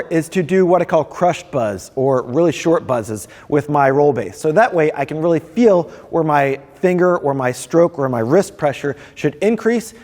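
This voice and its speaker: Male percussion teacher, friendly step-by-step delivery, slightly high voice, long reverb behind him. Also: darkish tone. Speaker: percussion professor. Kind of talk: instructional video.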